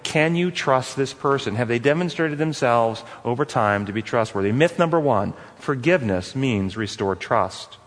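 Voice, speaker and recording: A man's voice: mid-range voice, animated, normal speed, hardly any pauses. Man teaching in a reverberant hall. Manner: earnest, repetitive, asks the audience questions. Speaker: teacher of a forgiveness course. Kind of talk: teaching talk with stories.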